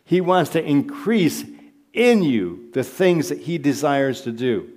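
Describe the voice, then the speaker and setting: Slow, earnest male preacher. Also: a little high, big pitch swings, darkish tone. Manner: earnest, repeats phrases for emphasis. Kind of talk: sermon.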